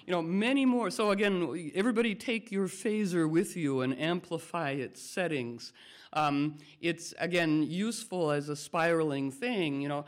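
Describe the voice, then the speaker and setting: A man whose voice sits a little high leads a group as a spiritual teacher in a playful, rambling talk. Ideas drift into one another, and he acts out the quotes he shares in lively voices.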